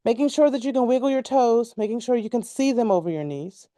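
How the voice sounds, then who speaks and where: A woman teaching a yoga class, giving calm, measured cues timed to the breath and stretching out repeated words. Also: on the high side, no echo, studio quality. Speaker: yoga instructor.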